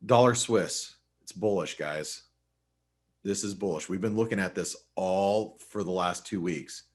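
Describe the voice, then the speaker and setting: A man with a fairly low voice hosting a live trading webinar and walking his audience through charts. He talks casually and directly to the viewers, often restarting sentences and dropping in fillers as he thinks aloud. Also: measured pace. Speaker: host and market analyst.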